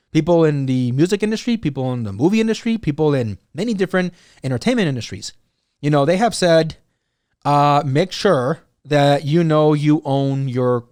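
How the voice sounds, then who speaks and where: A man's voice: on the high side, clear, resonant tone, no echo, clean studio sound. A man hosting his own podcast, talking through his opinions in casual solo commentary, rambling, with many "you know"s and "right?"s. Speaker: podcast host.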